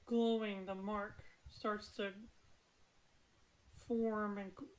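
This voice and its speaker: Woman, game master, tabletop narration, plain descriptive delivery, middle pitch. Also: poor audio.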